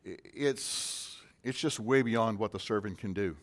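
A man preaching a sermon in a conversational way, with sudden loud emphasis on key words. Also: on the low side, measured pace. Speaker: pastor.

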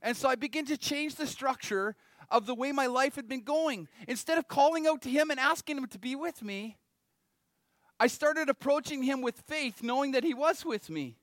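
Middle-aged male pastor, strikingly high pitch, conversational sermon delivery, dry close sound. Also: moderate pace, fairly bright tone, dry recording. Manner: conversational preaching, rhetorical questions to the audience.

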